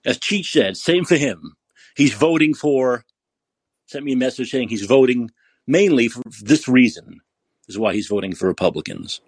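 A man hosting a podcast who rants angrily and curses, repeating himself for emphasis in a husky voice. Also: medium pitch, expressive, moderate pace, no echo. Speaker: podcast host. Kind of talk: angry political rant.

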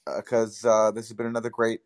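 A male co-host with a low voice, polite and appreciative as he closes out a live call-in show. The recording sounds close and dry. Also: monotone, fairly quick, dry recording. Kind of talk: casual show sign-off.

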